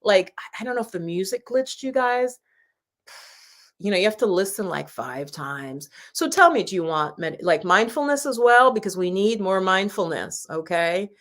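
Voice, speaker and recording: A woman's voice: medium pitch, lively intonation, normal speed. A woman hosting a live stream for her channel, chatting casually with viewers in a rambling, laughing way. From United States. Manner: chatty and warm, with frequent laughs and rambling asides. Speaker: YouTube channel host.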